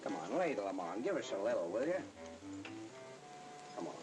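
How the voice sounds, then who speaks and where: A gruff, comic old cowboy sidekick in an old Western film, blustering his demands with a lively, bouncing delivery. Loud music plays over the old soundtrack. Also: fairly low pitch, moderate pace. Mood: impatient. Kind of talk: 1940s Western film acting.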